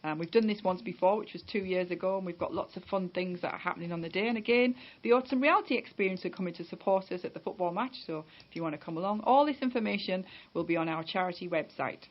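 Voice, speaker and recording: A woman's voice: lowish voice, quick pace, few pauses. A woman from northeast England hosting a casual radio interview, chatty and upbeat with plenty of fillers. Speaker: radio host. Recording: dull lo-fi radio recording.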